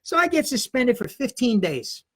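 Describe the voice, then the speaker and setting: A man, a comedian guest, telling stories in a casual chat, animated and laughing often. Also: very high-pitched, normal speed.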